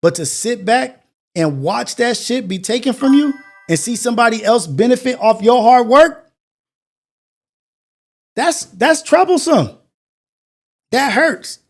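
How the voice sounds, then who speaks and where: High-voiced man preaching on a morning show. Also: expressive, measured pace, long pauses. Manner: earnest, preachy, repetitive phrasing. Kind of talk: motivational monologue.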